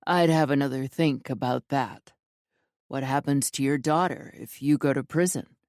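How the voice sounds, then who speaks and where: A woman voicing a smug, controlling male crime boss who talks with cool, smooth menace in a lowered voice. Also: fairly even intonation, normal speed, a little mellow, dry recording, studio quality. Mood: threatening.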